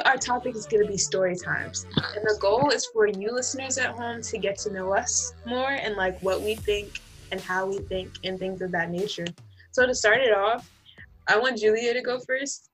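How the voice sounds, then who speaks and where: A woman's voice: medium pitch, fairly bright tone, rough recording. A woman hosting a casual group podcast, upbeat and steering the talk between friends. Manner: upbeat, leads the conversation. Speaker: podcast host. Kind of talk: casual chat.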